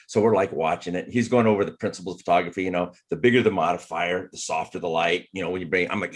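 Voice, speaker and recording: A man's voice: deep voice, fast. A man telling chatty personal stories in a casual group conversation, often laughing as he talks. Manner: chatty, laughs through anecdotes. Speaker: photographer and martial artist. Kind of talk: casual storytelling in group chat.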